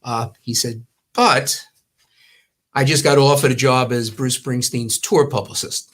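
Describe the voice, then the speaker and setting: A man's voice: medium pitch, fairly even intonation, normal speed. An older man from the New York area, a former magazine owner, telling long anecdotes in casual talk and acting out the quotes. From Long Island, New York. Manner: rambling, warm storytelling with acted-out quotes.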